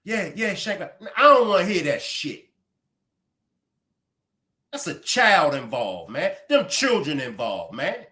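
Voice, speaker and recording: Guy ranting on his stream, high lively voice, swears a lot, bright edge. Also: takes it slowly, pauses often. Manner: blunt and profane, scolding outbursts. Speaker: commentary livestream host. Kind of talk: heated commentary.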